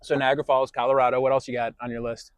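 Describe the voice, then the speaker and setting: A man as a guest on a casual podcast, talking in a quick, wry, teasing way. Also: medium pitch, level tone, heavy background noise. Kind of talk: casual chat.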